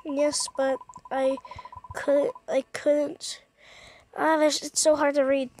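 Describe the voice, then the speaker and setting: High-voiced excitable woman gamer. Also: slow pace, slight background noise. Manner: excitable, gasping and jumpy. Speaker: gaming streamer. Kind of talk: casual gameplay commentary.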